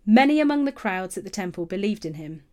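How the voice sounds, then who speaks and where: A woman narrating a Bible passage in a steady, clear storytelling manner, letting phrase ends fall. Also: medium pitch, quick pace.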